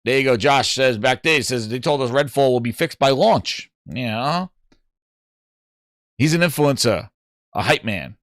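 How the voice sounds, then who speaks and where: A man with a New York accent hosting a casual gaming livestream, animated and jokey, repeating words for emphasis. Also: mid-range voice, measured pace, no echo, studio quality. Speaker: livestream host.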